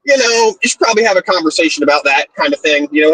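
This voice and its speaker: A man's voice: a little high, expressive, fast, few pauses, fairly bright tone, dry recording, rough recording. A man co-hosting a casual morning talk stream, laid-back, swearing freely and laughing often. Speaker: podcast co-host. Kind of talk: casual chat. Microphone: streaming setup.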